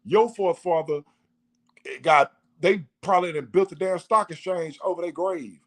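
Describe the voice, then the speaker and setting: A man's voice: high voice, normal speed. A man delivering a preachy monologue, full of rhetorical questions and repetition. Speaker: vlogger.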